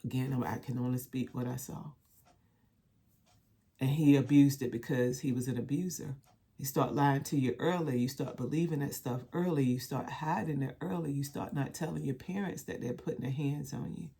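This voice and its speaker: Heartfelt direct-to-camera talk, earnest colloquial speaker, repeats phrases like a preacher, mid-pitched voice. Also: normal speed, creaky, warm tone, slightly rough.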